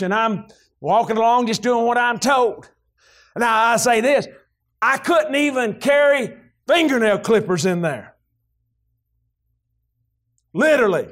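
A high-voiced man with a Southern US accent preaching a folksy sermon. He talks like he is telling a story to friends. When he gets worked up, his voice climbs and breaks into loud shouts. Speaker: pastor.

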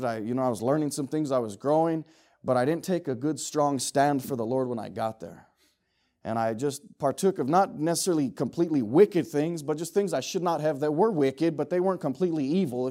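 Male preacher, middle-aged, fairly high voice, fervent, folksy asides. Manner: impassioned, swings from loud urging to low asides; folksy, joking with the congregation. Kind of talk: sermon.

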